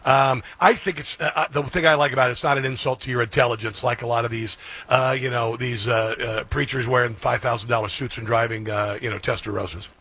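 A male talk radio host with a bright, forward voice and a husky edge. He speaks emphatically and throws in quick agreeing interjections while his guest talks. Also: mid-range voice, steady tone.

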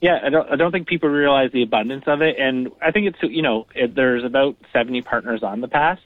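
A man's voice: medium pitch, fast talker, dry recording. Man, radio guest calling in, upbeat explainer, phone-line sound, dry. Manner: upbeat, explanatory, many "uh" fillers. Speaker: guest from a regional tourism program. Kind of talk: radio interview.

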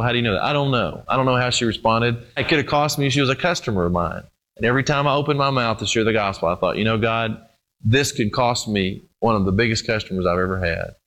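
A man preaching a sermon, talking straight to his listeners and swinging from loud, emphatic peaks down to low, hushed storytelling. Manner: speaks directly to the congregation, addressing them as folks and guys.

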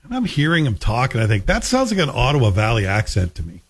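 Husky chatty male radio host. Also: medium pitch, fast talker. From Scotland. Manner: chatty, animated storytelling. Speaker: radio talk show host. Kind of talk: casual radio talk.

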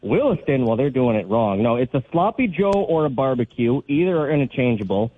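A man's voice: medium pitch, big pitch swings, fairly quick, breathy edge. A man from North Dakota calling in to a radio show, wry and joking. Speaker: caller. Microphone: phone line. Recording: tinny phone line.

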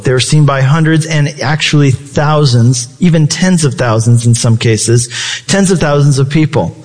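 A male pastor delivers a sermon in a conversational style, putting rhetorical questions to the congregation. His voice is a little high and carries a big-room sound.

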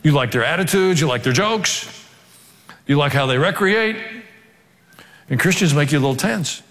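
A man's voice: on the high side, animated, moderate pace, a bit bright. A male pastor preaching a sermon, swinging between joking asides and emphatic exhortation. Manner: humorous asides, emphatic rising delivery. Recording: long hall reverb.

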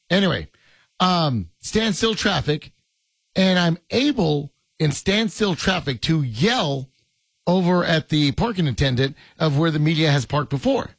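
A man's voice: a little high, creaky, dry recording. A man hosting a sports radio show in casual banter, joking and rambling with frequent laughs.

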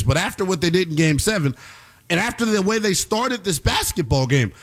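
A man hosting a basketball show, giving emphatic sports commentary that swings between loud outbursts and quick asides. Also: fairly high pitch.

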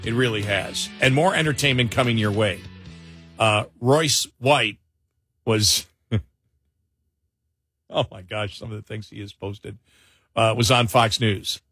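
A man co-hosting a talk radio show, giving opinionated commentary with chuckles and quick repeated asides. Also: on the low side, bright, forceful tone, slightly rough, dry recording, faint music behind. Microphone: studio mic.

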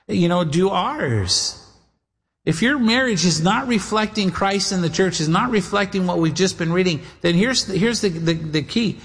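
A man's voice: high-pitched, a bit bright, big-room sound. A man preaching a sermon as a pastor, earnest, speaking straight to his listeners and acting out the voices of people he quotes. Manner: earnest, addresses listeners as guys and gals, acts out quoted voices.

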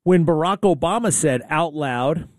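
Blunt, sarcastic New talk host. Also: male voice, on the high side, expressive, unhurried, no echo, clean studio sound. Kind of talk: opinionated talk radio monologue.

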